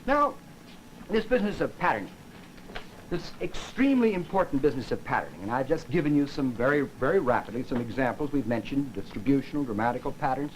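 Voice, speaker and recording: A man lectures with animated, sweeping intonation, showing off how his voice rises and falls. His voice sits a little high for a man. Faint hiss of an old broadcast runs underneath. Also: rough recording. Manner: lively, demonstrates intonation with his own voice. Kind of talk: televised linguistics lecture.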